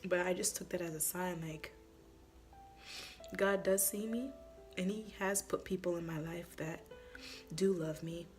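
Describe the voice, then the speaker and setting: A woman's voice: fairly low pitch, fairly even intonation, a little slow, long pauses, a little mellow, faint music behind. Heartfelt woman sharing her testimony. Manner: heartfelt, conversational, with many fillers like "like" and "um". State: tearful at times. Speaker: church member sharing a personal testimony. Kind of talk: emotional personal testimony vlog.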